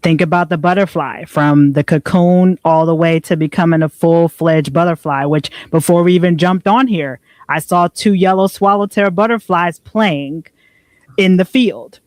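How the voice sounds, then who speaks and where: A woman's voice: on the low side, normal speed, darkish tone, no room sound. A woman co-hosting a podcast, talking in an earnest, reflective way and often checking in with "right?". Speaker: podcast co-host. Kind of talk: reflective motivational conversation.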